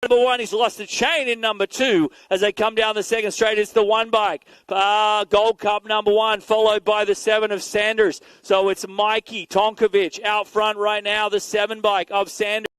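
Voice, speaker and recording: A man giving energetic live play-by-play commentary at an outdoor BMX race, calling out riders and bike numbers. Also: high-pitched, normal speed, hardly any pauses, smooth, dry recording. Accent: Canadian. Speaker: race announcer.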